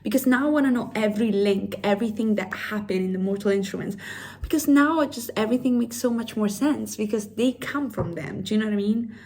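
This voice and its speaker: A woman's voice: on the high side, fast talker, darkish tone. Gushing young woman book vlogger. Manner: gushing, emotional, drops to a near whisper at times. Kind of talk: casual vlog chat.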